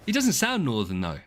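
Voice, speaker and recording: A man, chatting casually with viewers on a game stream, rambling and swearing as he answers them. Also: medium pitch. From southeast England.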